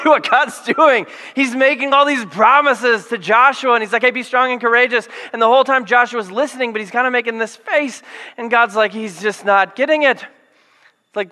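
Male pastor, sermon, high and bright voice, animated and comedic, reverberant church hall. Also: moderate pace. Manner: animated, jokey storytelling with acted quotes and yelled lines.

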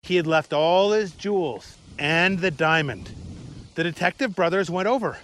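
A man's voice: high voice, moderate pace, a bit bright, slight background noise. Man reading a story aloud.

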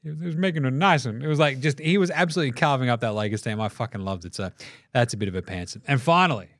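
An Australian man hosting a casual sports podcast, swearing freely and telling animated stories. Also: mid-range voice, rapid-fire, dry recording, clean studio sound. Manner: swearing, laughing, animated storytelling. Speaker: podcast host.

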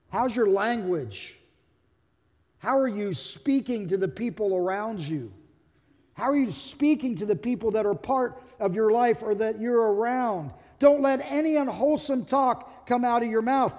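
A man's voice: very high voice, a little mellow, in a large hall. A man who is a pastor, delivering a sermon in a conversational, humorous way and acting out quotes.

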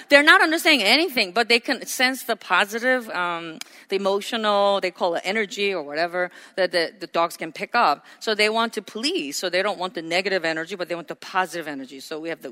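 Bright-voiced woman preaching in a hall. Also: mid-range voice, expressive, brisk. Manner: conversational, many fillers, playful voices for quoted people and pets. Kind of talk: sermon. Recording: hall reverb.

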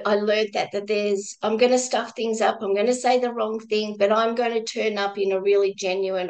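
A woman, a guest, telling a personal work story in a reflective, halting way with many restarts and some laughter. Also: medium pitch, poor audio. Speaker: guest, former crisis-line volunteer.

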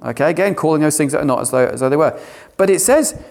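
A man preaching a sermon, animated and given to sarcastic asides. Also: fairly high pitch, fast talker, vocal fry.

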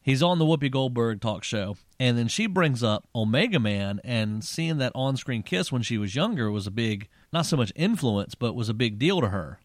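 A man's voice: mid-range voice, moderate pace, few pauses, dry recording, studio quality. Chatty man retelling a story. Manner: animated storyteller, many restarts. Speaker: podcast co-host. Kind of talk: casual film chat.

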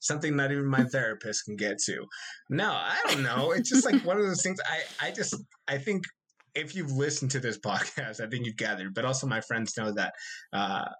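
A male podcast co-host in loose, casual conversation. He pokes fun at himself and laughs often, mixing quick asides with playful quotes of what others say. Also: mid-range voice, lively intonation, a bit bright, slight background noise. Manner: self-deprecating, laughs often, playful quoting. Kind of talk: casual chat.

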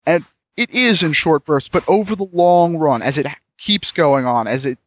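A man's voice: fairly high pitch, normal speed, dry recording. A man chatting casually and enthusiastically about a game, rambling with frequent restarts, on dull lo-fi audio. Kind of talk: casual chat reviewing a game.

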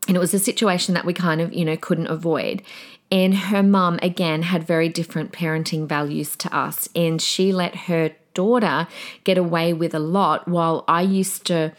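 Woman podcast host, middle-aged, casual parenting chat, animated storytelling, soothing teacher tone in quotes, slightly low voice. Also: normal speed. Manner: shifts into a soothing teacher voice when quoting.

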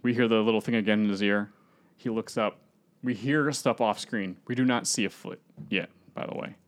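A man co-hosting a podcast, chatting casually and retelling a film's plot in an animated way, jumping into characters' lines with put-on voices. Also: on the low side, moderate pace. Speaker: podcast co-host. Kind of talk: casual movie-rewrite chat.

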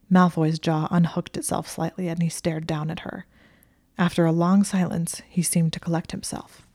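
A woman narrating an audiobook reading of fan fiction in a wry, expressive way. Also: lowish voice, moderate pace, creaky, husky, no room sound, clean studio sound.

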